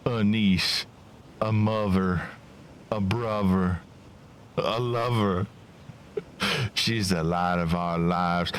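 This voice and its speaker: A man voicing gruff, burly male miners with an attempted Cockney accent and rough, blustering slang. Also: low-pitched, slight background noise. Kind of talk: reading game dialogue aloud in voices.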